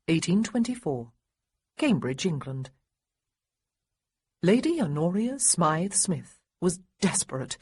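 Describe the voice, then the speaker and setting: A woman narrating an audiobook in an expressive, wry storytelling manner, with a husky voice. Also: fairly low pitch, dry recording. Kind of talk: scripted narration.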